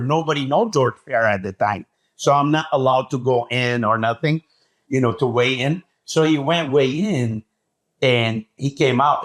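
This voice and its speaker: A man telling a story as a podcast guest, talking excitedly and acting out what people said. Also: mid-range voice. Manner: acts out quoted dialogue, excitable. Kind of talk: animated storytelling.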